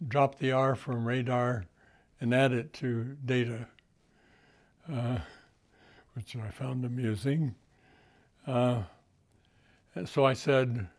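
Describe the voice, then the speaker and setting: Slow, halting older man recalling events. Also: medium pitch, fairly even intonation, a little mellow. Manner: halting, many fillers and restarts. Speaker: interview guest. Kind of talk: interview.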